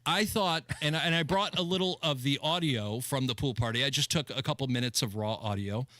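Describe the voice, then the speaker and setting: Man, radio co-host, casual banter, animated storyteller, bright forceful tone, dry close studio mic. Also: a little fast, no echo. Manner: animated storyteller, shrill mimicked yells. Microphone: studio microphone.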